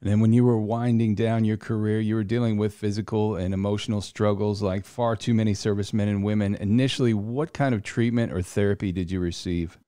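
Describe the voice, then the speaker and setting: A male host asking questions in an even, measured way. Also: lowish voice, clean tone, dry recording, studio quality. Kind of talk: interview questions.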